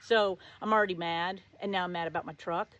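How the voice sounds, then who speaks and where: A woman's voice: on the low side, a little fast, lo-fi sound. Sassy middle-aged woman telling a story. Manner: sassy, sarcastic, animated. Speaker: show host. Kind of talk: casual storytelling to camera.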